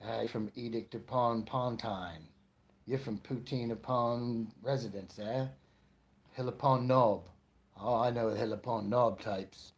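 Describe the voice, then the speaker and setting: A man's voice: medium pitch, steady tone, a little slow, natural voice. A man voicing a small-town Englishman with an English accent who teases people about which town they come from. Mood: knowing.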